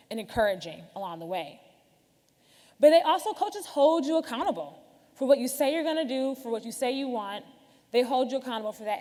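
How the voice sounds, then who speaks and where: A woman with a slightly high, somewhat dark-toned voice gives a conversational keynote in a large conference hall, speaking candidly and chattily right to the audience. The hall's reverberation is audible in the recording.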